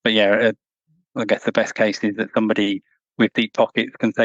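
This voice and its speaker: Low-voiced man, measured interview guest. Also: flat delivery, no room sound, highs cut off. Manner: measured, thoughtful, many restarts. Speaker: guest, former truck company employee. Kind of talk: podcast interview answers.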